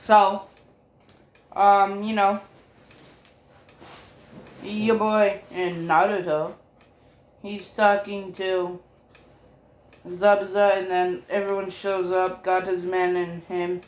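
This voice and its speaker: Slow, rambling, swearing young man. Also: sits high, level tone, reverberant. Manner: rambling, profane, full of fillers and apologies. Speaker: fan story narrator. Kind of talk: rambling casual fan-story narration.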